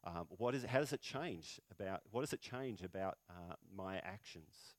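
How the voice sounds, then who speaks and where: Pastor guy preaching, lowish voice, lots of "isn't it?" questions, gets loud then goes quiet, dry sound. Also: expressive, normal speed, dry recording. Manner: conversational preaching with frequent rhetorical questions; swings between loud emphatic lines and quiet, low passages. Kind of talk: sermon.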